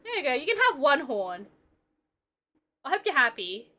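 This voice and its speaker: A woman's voice: high-pitched, sing-song, moderate pace, pushed and bright. A young woman streamer chatting casually with her viewers while she draws, playful and talkative. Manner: chatty and playful, talking to chat. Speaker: streamer and illustrator. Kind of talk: casual livestream chat while drawing.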